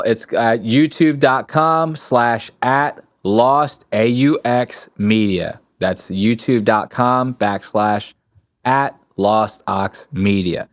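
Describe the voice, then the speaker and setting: A male podcast host talks in a loose, crude, joking way and sometimes acts out voices from clips. His voice sits at a middle pitch. The sound is dry and close to the mic. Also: no echo. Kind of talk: casual podcast chat.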